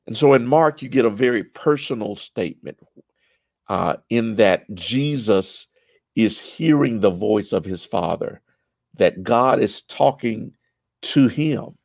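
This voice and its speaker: A low-voiced man leads a church Bible study, his words slow and unhurried. His voice has a gravelly fry, and he speaks haltingly, often restarting with fillers and repeated words. The sound is dry and close. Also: animated, darkish tone, dry recording.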